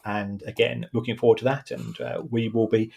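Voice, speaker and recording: A man's voice: lowish voice, level tone, normal speed, gravelly, darkish tone. A man co-hosting a podcast in casual chat, hesitant and full of filler sounds. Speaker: podcast co-host.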